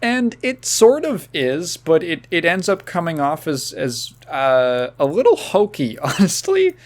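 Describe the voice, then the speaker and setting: A man co-hosting a casual podcast, rambling with halting restarts, frequent laughs and swearing. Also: a little high, sing-song. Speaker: podcast co-host.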